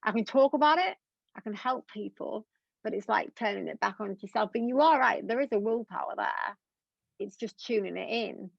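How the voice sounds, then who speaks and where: Here a young woman with a fairly high, vocal-fried voice speaks at normal speed, with no echo in the dry, dull lo-fi recording. She's an interview guest talking candidly, earnest and rambling, her speech full of fillers.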